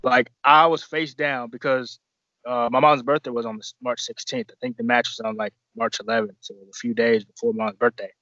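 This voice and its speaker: Rambling wrestler guest, dull lo-fi sound. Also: male voice, mid-range voice, flat delivery, fairly quick, pushed and bright, no echo. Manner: rambling, profane, restarts often. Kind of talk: casual podcast storytelling.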